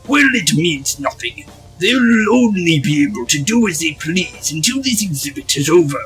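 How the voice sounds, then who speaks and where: A man voicing a pompous, vain older male art master in a game, speaking slowly and sternly, with soft game music behind. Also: on the high side, lively intonation, voice pushed up, poor audio. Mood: haughty. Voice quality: slow, haughty and stern.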